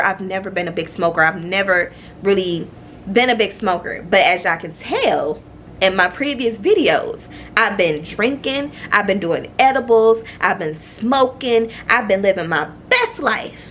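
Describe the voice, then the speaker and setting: A woman vlogger telling a personal story to her viewers, earnest and confiding, repeating herself and jumping up high in pitch when she gets emphatic. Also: a little slow, a bit bright, slight background noise. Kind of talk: candid personal storytelling to camera.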